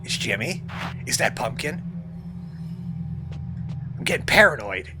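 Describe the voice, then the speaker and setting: A man's voice: medium pitch, very animated, unhurried, bright, forceful tone. A man casually commentating a video game he is playing, chatty and jokey, often reading the game's text aloud. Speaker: let's play host. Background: game music.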